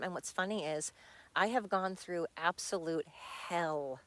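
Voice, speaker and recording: A middle-aged woman hosts a podcast from home, her low, fairly bright voice kept fairly even at a moderate pace in a dry recording. In a personal monologue she sounds blunt and frustrated, swearing freely, with a dog nearby.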